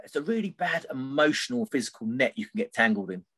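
A man's voice: medium pitch, expressive, fast, pushed and bright, husky. A middle-aged man tells a personal story as a podcast guest, rambling and often tagging his sentences with "right?". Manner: rambling, tags sentences with "right?", many fillers.

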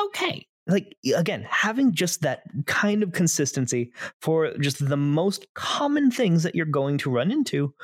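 Young male podcast host, chatty and rambling, lively pitch, dry close mic. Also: no room sound. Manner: rambling, heavy on fillers. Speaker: podcast host, game master. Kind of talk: casual chat.

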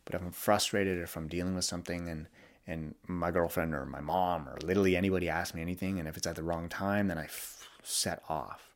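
Very low-voiced man, candid podcast talk. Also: steady tone, brisk. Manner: candid, reflective, with frequent restarts and laughs. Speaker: podcast host. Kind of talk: solo podcast monologue.

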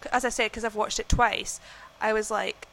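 A woman's voice: mid-range voice, steady tone, normal speed, vocal fry, fairly bright tone. A young woman co-hosting a podcast, chatting casually about a film, gushing and full of fillers and restarts. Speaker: podcast co-host. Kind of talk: casual film-review chat.

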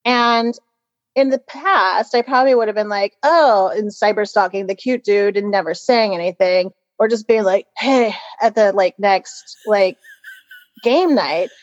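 A woman's voice: mid-range voice, normal speed, no echo, lo-fi sound. A woman co-host telling a dating story in casual chat, candid and laughing, swearing freely. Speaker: podcast co-host.

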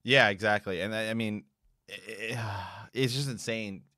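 A man co-hosting a podcast, chatting casually and trailing off into quiet asides. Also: on the low side, unhurried, dry recording, clean studio sound. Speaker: podcast co-host. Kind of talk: casual fan discussion.

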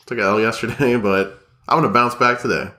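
A man's voice: medium pitch, brisk, pushed and bright, roomy sound. A young man co-hosting a casual podcast, sounding nasal from a cold, rambling and joking with lots of fillers. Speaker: podcast co-host. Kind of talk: casual chat. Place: small home studio, echoey.

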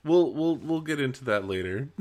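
A man chatting casually as a co-host, tossing in dry, sarcastic remarks with plenty of swearing. His pitch is average. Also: expressive, moderate pace, a little mellow. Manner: wry, sarcastic, swears freely. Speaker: podcast co-host. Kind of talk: casual chat.

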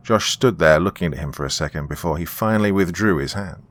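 Male narrator, deep voice, horror story, steady. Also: quick pace.

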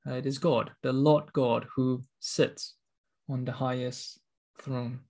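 A man's voice: medium pitch, steady tone, takes it slowly, mellow. A man preaching a sermon, reading scripture and explaining it in an earnest, emphatic way with repeated words.

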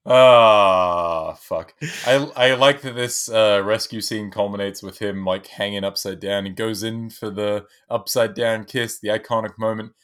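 A man's voice: lowish voice, steady tone, measured pace, few pauses, a bit bright, clean tone. Swearing, upbeat podcast co-host man. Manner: enthusiastic, swears freely, jokey. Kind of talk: casual movie-review chat.

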